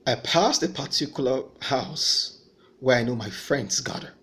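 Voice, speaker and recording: A man's voice: medium pitch, a little slow, fairly bright tone. A man giving an earnest personal faith testimony, telling his story and voicing remembered dialogue.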